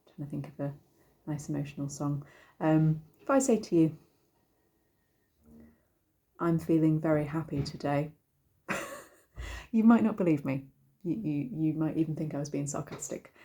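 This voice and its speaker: A woman's voice: low voice, steady tone, moderate pace, vocal fry, mellow. A woman, a singing teacher, giving a casual and rambling lesson to camera with many ums and restarts. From United Kingdom.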